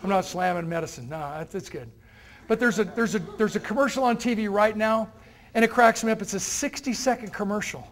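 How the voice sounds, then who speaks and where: A man with a high voice and a gravelly rasp gives a motivational talk to students. He jokes and tells stories. He acts out the lines of the people in his stories. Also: brisk. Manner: energetic and joking, tells anecdotes and acts out quotes. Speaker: motivational speaker. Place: university room with a live audience.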